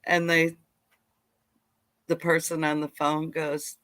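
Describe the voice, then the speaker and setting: A middle-aged woman hosting a live homestead stream, telling childhood stories in a rambling, animated way. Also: low voice, slow pace, long pauses, no room sound. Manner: rambling, animated, side-tracked. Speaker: homestead channel host. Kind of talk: casual live storytelling. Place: home livestream.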